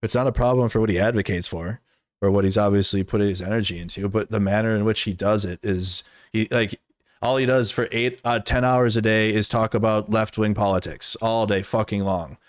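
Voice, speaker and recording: A man gives off-the-cuff commentary in a low voice. He is blunt and profane, and he rambles with plenty of "like" fillers. The sound is close and dry. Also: fairly even intonation, brisk, dry recording. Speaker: streamer and political commentator. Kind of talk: casual commentary stream.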